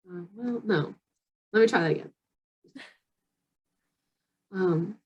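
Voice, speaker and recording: An American woman co-hosting a casual podcast, chatty and quick to laugh. Her voice is a bit husky, at a middle pitch. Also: a little mellow, low-quality recording. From United States. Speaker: podcast co-host. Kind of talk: casual chat.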